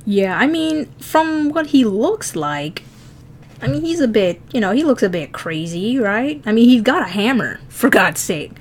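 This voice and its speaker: A woman's voice: a little high, very animated, unhurried, slightly rough. A woman streaming herself drawing, chatting casually, laughing often and swearing freely as she teases herself. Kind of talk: casual chat while drawing.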